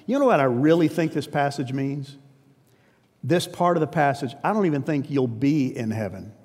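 A man's voice: a little high, darkish tone. An earnest male pastor preaches with a slightly raised voice, his conversational delivery carried on a long hall reverb. He presses his points with plain emphasis. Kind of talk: sermon.

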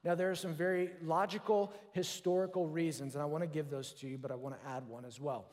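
Man, pastor preaching, earnest, fairly high voice, long hall echo. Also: steady tone, fast. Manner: earnest, drops to a soft hush for quoted prayers. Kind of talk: sermon.

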